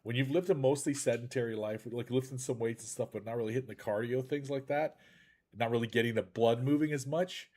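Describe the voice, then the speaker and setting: A man's voice: mid-range voice, brisk. A man hosting a casual live chat show over a video call, joking and rambling, sounding a little congested. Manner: lively, jokey, rambling. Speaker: podcast host.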